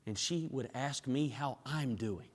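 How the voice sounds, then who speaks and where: A man preaching a sermon in a church, dropping to hushed tones and building to raised, emphatic climaxes. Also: mid-range voice, measured pace. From Southern US. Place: church sanctuary. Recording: long reverb of a large hall.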